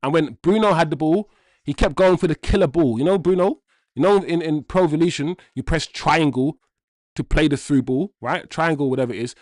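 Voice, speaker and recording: A man's voice: on the high side, a little fast, darkish tone, dry recording. A young man hosting a live football watchalong, chatting casually with slang and reading out viewers' comments. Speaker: host.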